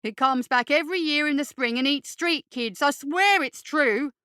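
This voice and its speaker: A woman's voice: high voice, pushed and bright, dry recording, clean studio sound, voice pushed up. A woman voicing a bigger street urchin boy, hot-tempered and bashful, insisting in slangy speech. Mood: indignant. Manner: stubborn, indignant, slow insistent slang.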